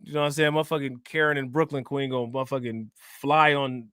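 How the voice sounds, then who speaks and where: A man's voice: mid-range voice, steady tone, fast, pushed and bright, smooth, no echo, studio quality. A man hosting a crypto livestream in casual chat, joking, laughing and slangy. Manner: joking, laughing, slangy, repeats "you know what I'm saying".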